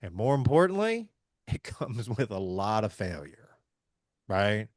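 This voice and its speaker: A man from Southeast Missouri, hosting a casual business chat in an energetic, folksy way. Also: on the low side, a little slow, no echo, clean studio sound. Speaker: podcast host.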